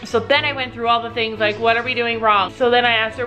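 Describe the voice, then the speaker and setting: A woman's voice: fairly high pitch, fairly even intonation, quick pace, few pauses, bright, forceful tone, dull audio, faint music behind. A woman and mother of a family, chatting casually to her viewers into a handheld camera. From Canada. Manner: chatty, addresses viewers directly. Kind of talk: casual vlog talking to camera.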